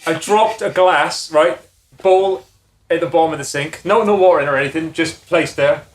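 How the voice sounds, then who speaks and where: A man's voice: a little high, normal speed. A man in a casual podcast chat, telling a small mishap in a wry, understated way. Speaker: podcast co-host. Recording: echoey room.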